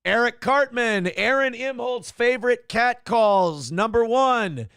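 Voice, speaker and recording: A man's voice: very high voice, expressive, slow pace, few pauses, fairly bright tone, clean tone, dry recording, clean studio sound. A man hosting a live internet morning show, reading viewer comments aloud in a crude, joking, mock-announcer way.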